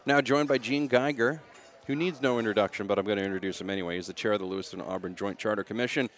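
A man hosting a live radio broadcast from a local event, with brisk, upbeat announcer patter. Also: fairly low pitch. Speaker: radio host on location.

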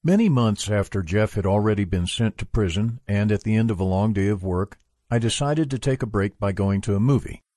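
Low-voiced man reading aloud. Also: fairly quick, dark tone, no room sound, clean studio sound. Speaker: reader for a book club.

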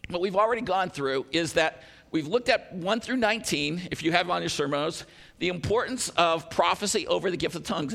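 Gravelly-voiced high man preaching. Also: a bit bright. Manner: teaching verse by verse, with asides and a light joke. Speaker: pastor. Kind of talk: sermon.

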